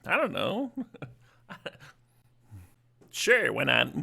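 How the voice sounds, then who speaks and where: A man's voice: medium pitch, huge pitch swings, extremely slow, creaky, pushed and bright, slightly rough. A male streamer giving casual, playful live commentary on a card game, laughing often and chatting with his viewers.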